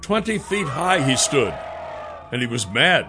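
A man's voice: medium pitch, sing-song, unhurried, over music. A man narrating a fantasy audiobook with dramatic storytelling.

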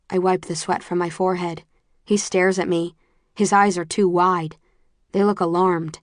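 A woman reading a first-person audiobook in a low-key, measured way, sometimes dropping to near whispers. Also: level tone, dry recording, studio quality. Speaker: audiobook narrator.

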